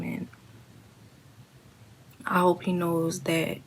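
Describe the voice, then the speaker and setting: Gravelly-voiced young woman, halting and grieving. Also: on the low side, level tone, a little hiss or hum. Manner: emotional, halting, plain-spoken. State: grieving, near tears. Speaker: vlogger. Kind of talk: candid talk to camera.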